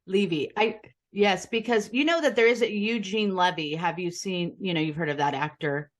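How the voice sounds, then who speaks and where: A woman's voice: fairly low pitch, normal speed. An American woman with a Philadelphia accent, chatting as an interview guest and rambling easily. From United States. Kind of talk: casual interview chat.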